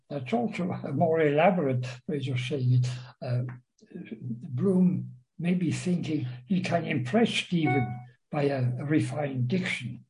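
A man talks through a novel in a slow, unhurried lecture, stopping often with fillers as he goes. His voice sits a little high and has a dark, mellow tone. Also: rough recording. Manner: slow, halting, with frequent filler uh. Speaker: literature lecturer. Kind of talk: reading aloud and commenting on a novel.

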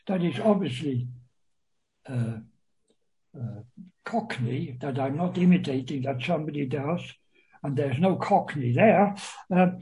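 High-voiced guy giving a lit lecture, talks slow, lots of uhs. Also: darkish tone, rough recording. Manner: slow, hesitant, many uhs, reads quoted lines with raised voice. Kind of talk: literature lecture, reading and explaining a text.

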